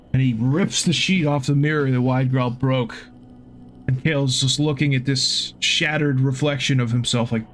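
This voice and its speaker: A man narrating a tabletop game as game master, in a casual way, laughing with the players. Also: medium pitch. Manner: casual, laughing, acts out figures.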